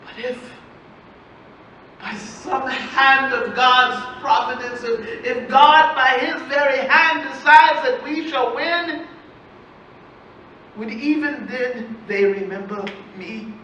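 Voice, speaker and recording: A grieving, defiant enslaved mother and tavern servant, played by a woman storyteller speaks slowly and with force, leaning on repeated words. Her voice is bright and ringing. It carries through a reverberant hall from a distance, captured at a live stage show. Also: high voice, slight background noise, full character voice. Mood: angry. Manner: slow, impassioned, repeats phrases for weight. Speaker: storyteller in historical character. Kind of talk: live first-person historical storytelling. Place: festival stage before an audience. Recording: echoey hall, voice from far off.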